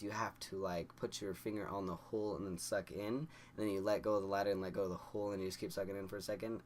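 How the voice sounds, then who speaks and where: A young man with a slightly low voice tells a personal story straight to camera. He rambles excitably, stacks up "like" after "like", and keeps breaking into little chuckles. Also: a little hiss or hum. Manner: rambling and excitable, heavy use of "like", frequent chuckles. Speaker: vlogger.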